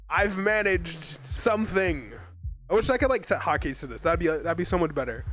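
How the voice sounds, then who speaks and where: A man's voice: on the high side, expressive, moderate pace, a bit bright, no room sound. A young man from Arizona chatting casually with his live chat as a streamer, rambling and laughing often.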